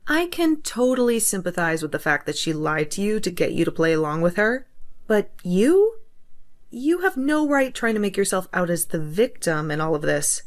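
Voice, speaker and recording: A woman's voice: mid-range voice, very animated, moderate pace, lightly acted. A woman playing a coldly firm betrayed fiancée. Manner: firm, scolding. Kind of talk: narrated story drama.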